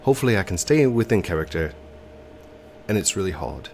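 A man's voice: low-pitched, big pitch swings, fairly quick, a little mellow, slight background noise. A man with a stuffy, congested nose, commentating a video game in a put-on English accent and hesitating with ums and self-corrections. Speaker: let's play host.

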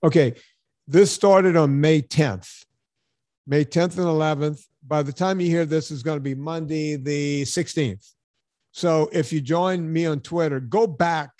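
A man hosting a podcast, telling stories in an animated, sarcastic way during casual chat. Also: fairly high pitch, dry recording, clean studio sound. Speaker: podcast host.

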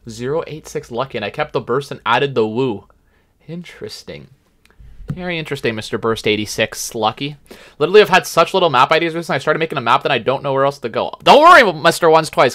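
Young male streamer, quick and animated, joking and yelling at gameplay. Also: fairly high pitch. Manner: joking, chatty, reads chat aloud, yells at the game. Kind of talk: live gaming stream commentary.

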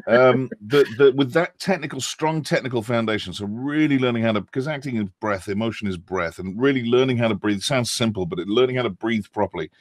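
A man's voice: medium pitch, a little fast, few pauses, dry recording, clean studio sound. A middle-aged British man, a guest actor in a casual podcast interview, talking animatedly and slipping into playful accent demonstrations. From England.

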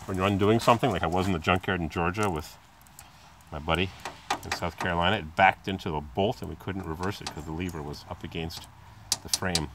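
Steady in tone but brisk, a man rambles while fixing his car in a driveway, filming it all on a phone held in his hand. The background is noisy, and the chatty repair video maker imitates squeaks with a high voice during his casual hands-on talk.

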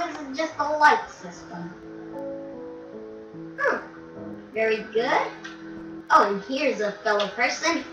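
Slow, bright, chatty young game vlogger. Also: mid-range voice. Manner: chatty, curious, muses aloud with frequent ums and hmms. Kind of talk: casual gameplay tour commentary. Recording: roomy, distant, dull lo-fi mic with faint music.

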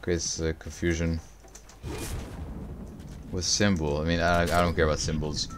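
A young man livestreaming a video game, chatting with viewers, swearing and reacting loudly to the game. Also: low-pitched, level tone, a little slow, noisy background. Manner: profane, reacts loudly to the game, answers chat. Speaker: streamer. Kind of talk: casual gaming livestream chat.

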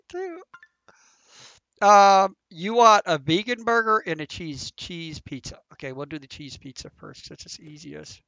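A man's voice: fairly high pitch, very animated, moderate pace, creaky, pushed and bright, no echo. A man giving casual, flustered commentary while playing a game, thinking aloud as he goes. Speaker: gameplay commentator. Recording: dull, lo-fi, dry sound.

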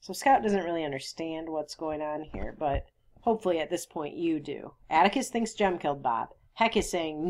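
A woman teacher reads a novel aloud to her class and breaks off to explain and quiz them. She talks in a relaxed, conversational way with a fairly low voice. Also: moderate pace.

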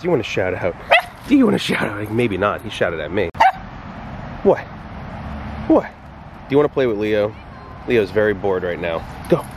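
A man's voice: on the low side, a little hiss or hum. Playful man at an outdoor dog park. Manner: playful, teasing talk to his dog. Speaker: vlogger. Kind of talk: casual vlog narration.

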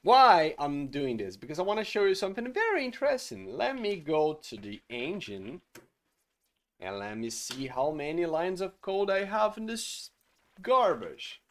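A man's voice: sits high, sing-song, unhurried. Annoyed guy venting about his code at the desk, voice swings way up and down, cusses a lot. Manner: exasperated and swearing, loud outbursts. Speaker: solo game engine developer. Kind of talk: frustrated coding rant.

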